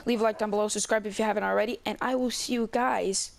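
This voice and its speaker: Rambling young guy with a gravelly voice. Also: high voice, steady tone, fast, dry recording. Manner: rambling, many restarts, casual swearing. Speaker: YouTube gamer channel host. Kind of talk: rambling storytime vlog.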